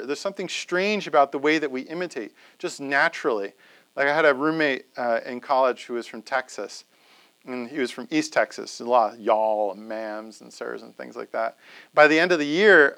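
A man's voice: fairly high pitch, fairly bright tone. A man giving a conversational classroom lecture to a live audience, often checking in with "right?".

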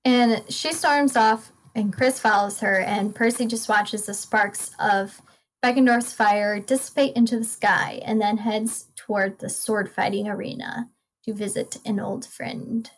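A woman's voice: medium pitch, steady tone, a little slow, rough recording. A woman casually retelling a book's plot in long run-on sentences and laughing often. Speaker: podcast co-host. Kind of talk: casual book recap chat.

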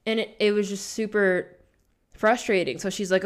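A woman, a spiritual coach and tarot reader, telling a story in casual chat, animated and laughing, with many "like" fillers. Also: mid-range voice, normal speed.

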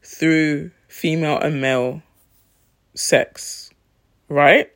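A man giving a reflective talk on faith, thinking aloud with pauses and restarts. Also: on the high side, fairly even intonation, fairly bright tone. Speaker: Christian vlogger.

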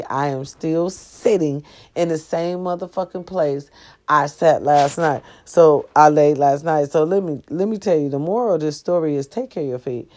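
Sitting low on her bed, sore and in pain, a woman vlogger spins a profane, animated story for her viewers. She addresses them directly in a casual storytelling style, swearing freely and keeping things lively.

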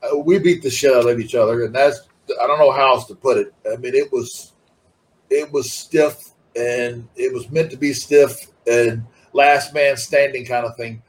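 A man's voice: medium pitch, fairly even intonation, moderate pace, poor audio. A middle-aged man talking casually as an interview guest, rambling and laid-back, with many restarts. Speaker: interview guest, former wrestler.

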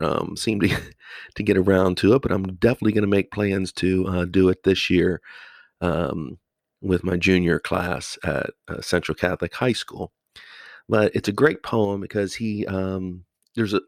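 Deep gravelly-voiced man, rambling podcast talk. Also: no echo, studio quality. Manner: rambling, conversational, lots of pauses. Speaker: podcast host and high school English teacher. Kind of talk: casual podcast monologue.

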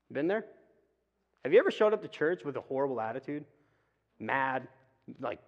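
A man giving a casual, conversational sermon in church, with quick asides. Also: a little high. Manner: chatty, acts out quick asides and voices. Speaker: preacher. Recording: reverberant hall, dull lo-fi sound.

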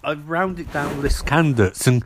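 A man playing a gruff, angry military man in his late fifties, talking bluntly and making demands. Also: fairly high pitch, measured pace, a little hiss or hum, natural voice. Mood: demanding.

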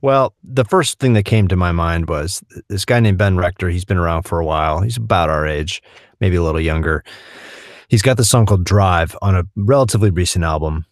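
A man co-hosting a podcast, talking in easygoing, jokey casual chat and musing out loud. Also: sits low, fairly quick, dry recording, studio quality. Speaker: podcast co-host.

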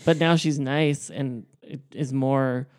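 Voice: medium pitch, fairly even intonation, slow, darkish tone. Wry teasing podcast co-host. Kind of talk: casual chat.

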